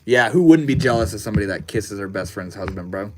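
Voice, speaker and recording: A man's voice: lowish voice, lively intonation, fast, background noise. Laid-back slangy male streamer. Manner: laid-back and slangy, reading comments aloud. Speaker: livestream host. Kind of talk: casual livestream chat.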